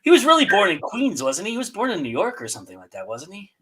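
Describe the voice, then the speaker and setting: A man's voice: high-pitched, wildly swooping pitch, fast talker, sharp tone, husky. A man hosting a live chat show, rambling and joking, often restarting his sentences. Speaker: host.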